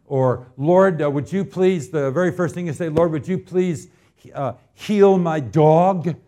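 A man from Arizona preaching a sermon as pastor, telling homespun stories and building to loud, emphatic appeals. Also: a little high, a little slow.

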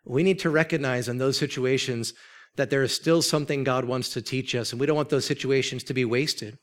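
A man in his thirties preaches in a casual, earnest sermon voice at an ordinary pitch for a man. He acts out quoted speech with sudden jumps in pitch. He turns quiet and low when telling of loss. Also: steady tone, a little fast. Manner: drops soft and low when telling of grief. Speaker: pastor.

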